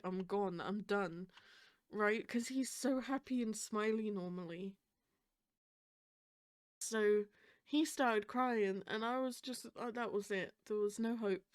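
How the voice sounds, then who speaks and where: A woman's voice: medium pitch, smooth. A woman hosting a reaction video, talking casually and rambling as she fights back emotion, often laughing nervously.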